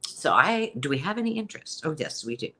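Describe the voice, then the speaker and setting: A woman's voice: low-pitched, big pitch swings, fast talker, bright, forceful tone, slight background noise. A middle-aged woman hosting a live sale, talking in a rambling, chatty way with frequent ums. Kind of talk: casual live-stream selling chat.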